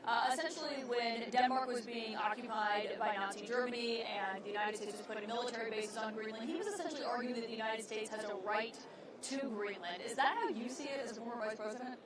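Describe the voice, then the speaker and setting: A woman interviewing on TV news, asking brisk, pointed questions. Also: on the high side, very echoey, recorded from a distance, a crowd in the background.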